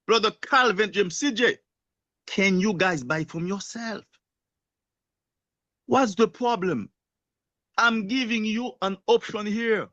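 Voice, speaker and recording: A man giving a rousing motivational sales pitch in non-native English, firing off rhetorical questions and answering them himself. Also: a bit bright, no echo. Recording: dull lo-fi sound.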